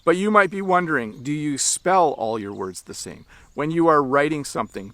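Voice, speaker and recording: A Canadian man teaching English online, explaining clearly and at a measured pace for learners. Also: mid-range voice, fairly bright tone, dry recording.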